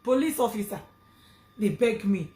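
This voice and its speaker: A woman's voice: mid-range voice, animated, normal speed, warm tone, reverberant. A woman with a Nigerian accent telling a personal story to her vlog audience, earnest and emphatic, repeating phrases for stress. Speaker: vlogger.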